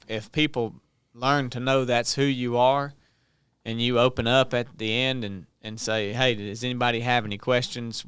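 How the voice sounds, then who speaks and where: A man's voice: medium pitch, fairly bright tone, smooth, no room sound. A man, co-hosting a podcast in laid-back, teasing casual chat. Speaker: podcast co-host.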